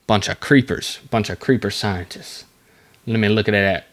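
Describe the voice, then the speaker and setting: A man with a lowish voice hosts a casual solo podcast. He reads facts aloud, then wanders into rambling, jokey asides full of halting fillers and restarts.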